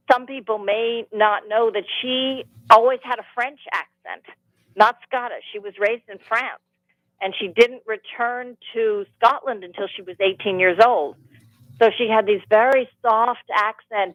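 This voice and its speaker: Lively woman telling stories on radio. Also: a little high, dry recording, highs cut off. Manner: animated storytelling, rambling with restarts. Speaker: author and audiobook narrator, guest. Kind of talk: radio interview. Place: radio studio.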